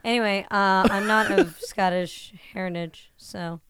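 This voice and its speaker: A young woman co-hosting a podcast in casual chat, chatty and trailing off with quick laughs. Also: mid-range voice, over a noisy crowd. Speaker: podcast co-host.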